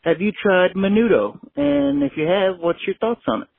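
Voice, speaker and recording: A man from West Texas, leaving a polite, quick voicemail question for a podcast. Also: high-pitched, big pitch swings, gravelly, no room sound. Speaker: caller. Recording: tinny phone line.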